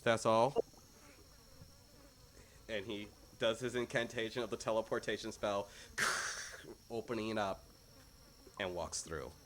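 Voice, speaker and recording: A man's voice: lowish voice, steady tone, measured pace, pauses often, background noise. A man narrating as dungeon master of a tabletop game, laughing often as he narrates.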